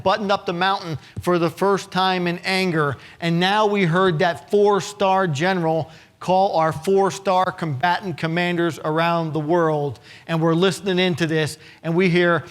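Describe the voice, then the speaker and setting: A middle-aged man addresses a conference audience in a dramatic storytelling style. His voice sits a touch higher than most men's, and he acts out the quotes in his story and slips in wry asides between them. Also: steady tone, moderate pace. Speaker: keynote speaker. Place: conference hall with a live audience.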